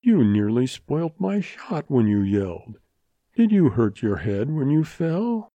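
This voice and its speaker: A man voicing a proud young ranch girl, speaking in a deliberate, sweetly cool way in a raised voice. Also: mid-range voice, sing-song, dark tone, no room sound, dull audio.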